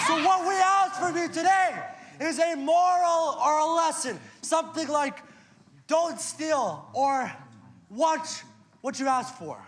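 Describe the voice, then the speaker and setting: A man's voice: very high voice, a bit bright. A young man introducing his improv team's scene with mock-formal jokes. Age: young adult. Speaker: team member introducing a scene. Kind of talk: comic stage introduction.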